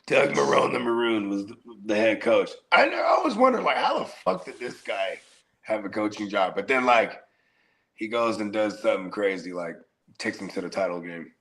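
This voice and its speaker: Male podcast co-host, gravelly voice, slangy excitable storyteller. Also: fairly low pitch, moderate pace. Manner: animated storyteller, laughs at his own stories, slangy. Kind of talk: casual sports chat.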